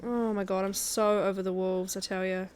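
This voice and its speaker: A woman's voice: mid-range voice, level tone, moderate pace, a little hiss or hum. A woman chatting casually as a guest streamer while she plays a survival game, laughing often. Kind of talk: casual gameplay commentary.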